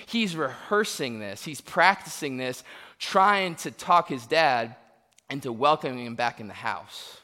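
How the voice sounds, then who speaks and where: Male pastor, bright and forceful, comic storyteller, echoing church hall. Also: mid-range voice, measured pace. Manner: animated, humorous storytelling with acted-out quotes. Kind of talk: sermon with personal stories. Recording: long hall reverb.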